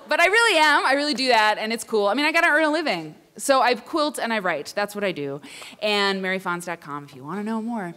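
A woman in her thirties telling a funny personal story live, chatty and self-deprecating with animated asides. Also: medium pitch, quick pace. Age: 30s. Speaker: writer and quilter performing for students.

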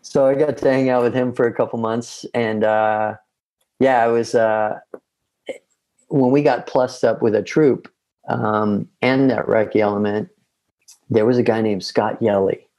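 A man's voice: medium pitch, fairly even intonation, a little slow, a little mellow. A man, a podcast guest, telling long casual stories with rambling restarts. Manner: rambling, self-interrupting anecdotes. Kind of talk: casual storytelling.

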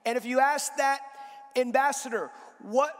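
A man preaching a sermon as guest speaker in a church, moving from slow, low statements to loud, repeated emphatic phrases, with frequent restarts. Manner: repeats words and restarts while building a point. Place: church sanctuary. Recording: long reverb of a large church hall.

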